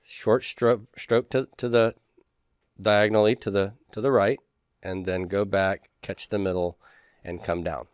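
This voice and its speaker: A man's voice: fairly low pitch, flat delivery, a little slow, no echo, clean studio sound. A man teaching a class, talking casually and repeating letter names for students to say back. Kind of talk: classroom lecture.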